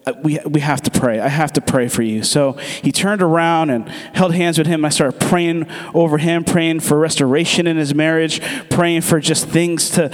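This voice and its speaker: A man from the States giving a sermon testimony, telling his story with animation and acting out the dialogue. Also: a little high. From United States. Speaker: church speaker giving testimony. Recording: long reverb of a large hall.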